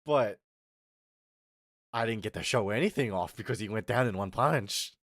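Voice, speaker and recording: A young man telling a story on his stream, swearing a lot and swinging between mutters and yells. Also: on the low side, moderate pace, dry recording, clean studio sound. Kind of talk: casual storytelling rant on a live stream.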